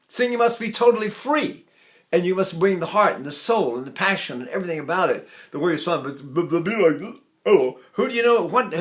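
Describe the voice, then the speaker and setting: An older man teaching vocal technique, with a slightly high voice for a man. He talks in a folksy, demonstrative way and stops now and then to sing vowels as examples. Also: a bit bright. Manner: folksy, demonstrative, sings sample vowels and laughs between points.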